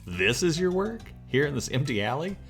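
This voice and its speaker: A man's voice: on the high side, big pitch swings, moderate pace, a bit bright, faint music behind, pitched above the performer's own voice. A man voicing a fussy, doting mother cat who scolds her grown son. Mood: scolding.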